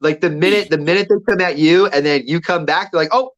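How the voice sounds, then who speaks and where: A man's voice: on the high side, fast talker, lo-fi sound. A man co-hosting a radio show, telling a story casually and acting out the quotes with energy.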